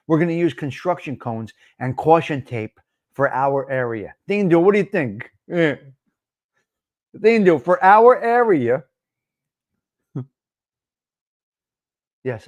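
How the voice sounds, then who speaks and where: A man's voice: medium pitch, no echo. A man hosting a live stream, chatting casually with viewers, laughing often and answering the chat. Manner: laughing, animated, talks back to chat.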